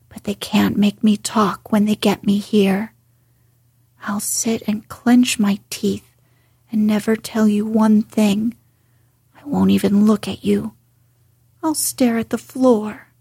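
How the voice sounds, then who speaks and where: A woman doing a fierce, breathy little girl. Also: medium pitch, flat delivery, slow pace, dark tone, no echo, studio quality, heavily acted. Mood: defiant. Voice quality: breathy whisper. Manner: defiant, retorting. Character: fierce, obstinate young girl.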